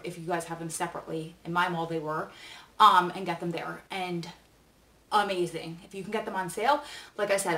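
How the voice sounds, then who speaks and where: A woman's voice: on the low side, fairly bright tone, recorded from a distance. A woman in her forties hosting a casual try-on vlog, talking in a chatty, candid, rambling way with lots of fillers. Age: 40s. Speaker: vlog host. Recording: roomy echo.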